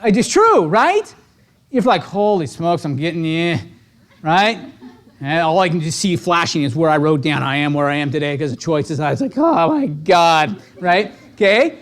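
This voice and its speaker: With a fairly high pitch and a moderate pace, a man energetically trains and motivates real estate agents. He keeps things conversational and punchy, forever asking "right?"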